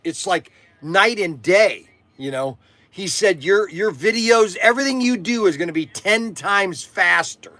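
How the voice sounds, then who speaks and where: A middle-aged man who runs a toy shop, hosting a casual live stream in a loud, rambling, chatty way. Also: high-pitched, lively intonation, measured pace, no echo. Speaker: toy shop owner and vlog host.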